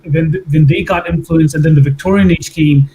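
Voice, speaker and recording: A man's voice: on the high side, steady tone, moderate pace, warm tone, poor audio. An American man on a live stream call, rambling insistently through a history discussion and repeating himself.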